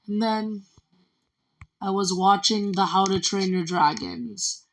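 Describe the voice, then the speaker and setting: A woman's voice: medium pitch, fairly even intonation, slow, rough recording. A woman telling a rambling personal story in a vlog, chaining each event with "and then". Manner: strings events together with repeated "and then". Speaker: vlogger.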